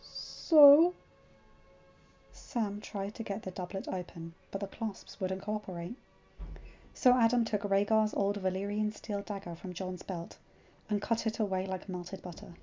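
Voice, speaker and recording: A woman narrating a fanfiction story in an expressive, dramatic reading. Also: mid-range voice, normal speed. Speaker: fanfiction reader. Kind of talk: scripted narration. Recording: dull lo-fi with faint music.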